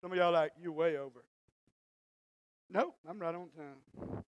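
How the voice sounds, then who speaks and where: A male pastor preaching a sermon in a church, swinging from quiet asides to shouted exhortation and acting out Bible scenes in folksy dialogue. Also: a little high, unhurried, clean tone.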